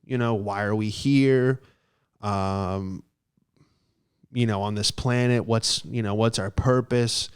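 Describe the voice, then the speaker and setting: A man's voice: fairly low pitch, fairly even intonation, slow, clear, resonant tone. A young man hosting a podcast, telling a story in a casual, comic, rambling way, with swearing and lots of fillers. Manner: rambling, profane, heavy on fillers. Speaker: podcast host.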